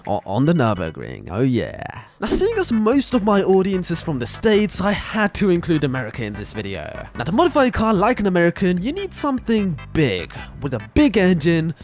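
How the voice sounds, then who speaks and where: Lively man giving gameplay commentary. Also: high-pitched, normal speed, faint music behind. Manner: animated, joking, often trips over his words. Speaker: gaming channel host.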